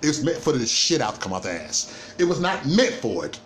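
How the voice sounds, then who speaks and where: Man ranting with a lively voice. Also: medium pitch, brisk, slight background noise. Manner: emphatic, repetitive, stammering restarts. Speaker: livestream host. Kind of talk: ranting livestream monologue.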